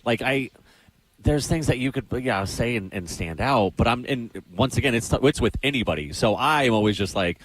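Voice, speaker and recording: A young man co-hosting a radio show, chatting casually in a rambling, self-deprecating way. He stumbles and restarts often, sounding awkward, at an ordinary male pitch. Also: animated, moderate pace, fairly bright tone, slight background noise, low-quality recording. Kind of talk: casual on-air banter.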